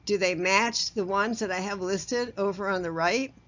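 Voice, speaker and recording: A woman's voice: mid-range voice, moderate pace, a bit bright. A woman giving a recorded workplace communication lesson in a conversational way, asking the listener questions and chuckling at herself. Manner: chuckles at herself, loose fillers and restarts. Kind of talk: recorded training lecture. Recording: slightly dull lo-fi audio.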